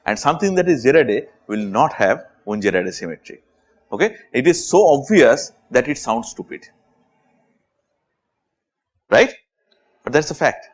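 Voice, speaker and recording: A man's voice: medium pitch, a little slow, long pauses. A man with an Indian English accent giving a university chemistry lecture, often asking "right?" as he explains. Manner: animated, asks rhetorical questions with repeated "right?".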